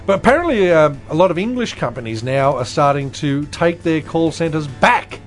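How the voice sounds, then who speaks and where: A man co-hosting a comedy radio show, trading dry, sardonic quips and quick asides. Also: fairly high pitch, expressive, faint music behind.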